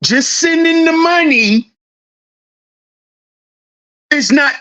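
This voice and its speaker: A man's voice: extremely high pitch, animated, very slow, pushed and bright. A man hosting a commentary channel, delivering a heated, preachy monologue and acting out confrontations in a dad's voice. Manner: preachy, confrontational, acts out scenes.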